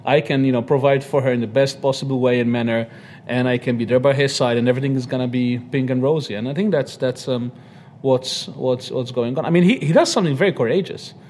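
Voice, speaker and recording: Halting, joking male singer. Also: mid-range voice, fairly even intonation, a little mellow, a little hiss or hum. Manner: halting, jokey, laughs often. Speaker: opera singer. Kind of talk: panel interview.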